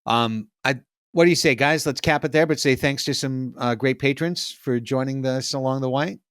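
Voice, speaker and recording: A man hosting a sports podcast, ranting sarcastically in casual chat before trailing off quietly. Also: mid-range voice, normal speed, smooth, dry recording, studio quality. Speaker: podcast host.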